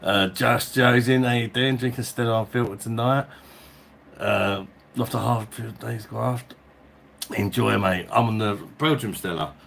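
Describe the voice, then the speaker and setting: A man's voice: mid-range voice, steady tone, a little slow, gravelly, a bit bright, slight background noise. A man from England, chatting casually on a live stream, reading out viewer names and calling everyone mate. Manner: chatty, reads out viewer names and greets them; blokey slang, calls everyone mate. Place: at home, indoors.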